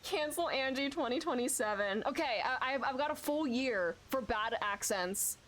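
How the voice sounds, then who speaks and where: Giggly high-voiced woman streamer. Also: lively intonation, moderate pace, fairly bright tone, a little hiss or hum. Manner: giggly, self-mocking. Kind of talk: casual gameplay commentary.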